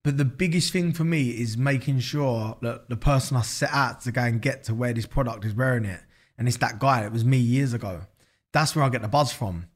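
A man with a London accent chats loosely as an interview guest. His voice sits at an ordinary middle pitch, and his talk is packed with slang, fillers and swearing. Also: brisk. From England. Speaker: guest, business founder. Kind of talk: casual interview chat.

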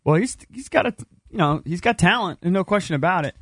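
A man hosts a casual sports chat, his voice swinging lively up and down. He cuts in over his co-hosts. The mic is close and dry. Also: high-pitched, quick pace, slightly rough, no echo. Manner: animated, talks over others.

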